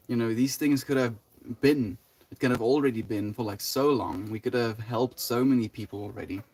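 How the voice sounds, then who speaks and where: A young male streamer talks in a loose, meandering way, greeting viewers and answering chat as he goes. His voice sits at an ordinary middle pitch and he fills his sentences with "like", "you know" and "man". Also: darkish tone, a little hiss or hum. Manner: rambling, laid-back, full of "like", "you know" and "dude". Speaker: livestreamer. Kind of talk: casual livestream chat, reading and answering chat.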